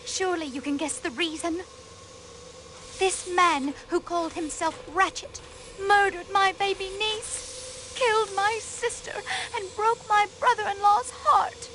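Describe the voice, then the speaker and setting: A very high, guarded American countess. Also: female voice, a bit bright, slight background noise. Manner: guarded, then openly grief-stricken. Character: aristocratic countess hiding her past, grieving. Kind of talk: voice acting in a video game.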